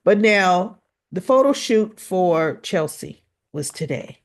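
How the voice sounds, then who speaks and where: A woman's voice: on the low side, lively intonation, takes it slowly. A woman chatting through a casual recap of a soap opera episode, tossing in tag questions and acting out what the characters said. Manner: retells scenes by acting out quoted lines.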